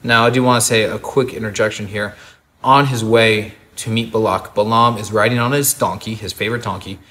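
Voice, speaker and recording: A man preaching a sermon as a pastor, and told the story in a lively, humorous way. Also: fairly low pitch, brisk.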